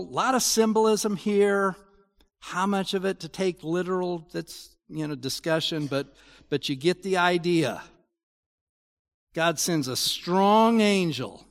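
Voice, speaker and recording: A man's voice: high-pitched, big-room sound. A male pastor preaching an expository sermon, moving between exclaiming asides and mock complaints, with frequent restarts.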